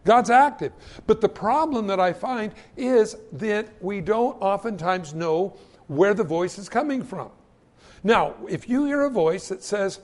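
A man's voice: sits high, expressive, unhurried. A man preaching a sermon, telling Bible stories and acting out the voices in the quotes. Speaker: pastor.

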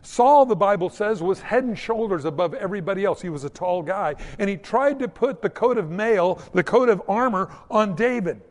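A preacher gives his sermon as lively, folksy storytelling, acting out the quotes along the way. His fairly high voice swings widely in pitch, moving at a moderate pace with hardly any pauses. A long reverb trails behind him, like in a big hall.

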